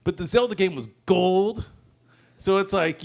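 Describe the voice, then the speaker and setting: A man's voice: sits high, measured pace, darkish tone. A man in his thirties hosting an open mic and doing a loose stand-up set, joking, swearing and chuckling between lines on a handheld stage mic.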